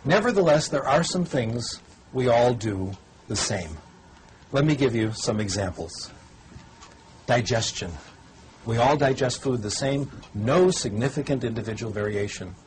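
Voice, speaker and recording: A man's voice: mid-range voice, unhurried, a little hiss or hum, low-quality recording. An older man lecturing on language learning to a TV audience, conversational and wry, demonstrating as a teacher. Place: TV studio or lecture room.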